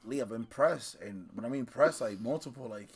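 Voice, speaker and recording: A man's voice: medium pitch, moderate pace, slight background noise. A man co-hosting a casual podcast, telling stories with slang and acting out the people he quotes. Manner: animated storytelling with slang, acts out quoted voices. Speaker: podcast co-host. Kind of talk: casual chat.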